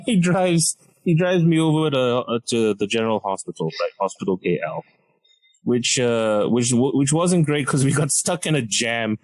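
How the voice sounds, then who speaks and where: A man, a comedian telling a story on a podcast in an animated, self-mocking way and laughing mid-sentence. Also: mid-range voice, normal speed, dry recording, low-quality recording. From Malaysia.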